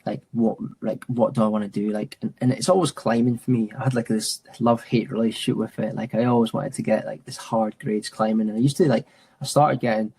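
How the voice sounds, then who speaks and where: A man's voice: on the low side, steady tone, brisk, darkish tone, breathy edge. A man in his thirties, an outdoor instructor, talking casually and reflectively in an interview, saying "mate" a lot. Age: 30s. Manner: chatty, says "mate" often, restarts and fillers. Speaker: mountain and adventure training instructor.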